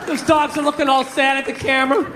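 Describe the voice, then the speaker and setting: A male stand-up comic with a very high voice, ranting in an exasperated, profane way. The audience laughs, and noise rises from the room during the live show. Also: level tone, fast talker, crowd noise. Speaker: stand-up comedian. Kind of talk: stand-up comedy set.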